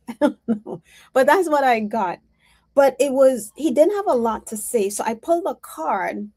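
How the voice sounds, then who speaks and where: Chatty woman psychic, high and slow. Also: darkish tone. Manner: rambling, chatty, with many restarts. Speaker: psychic reader. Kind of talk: casual mediumship reading.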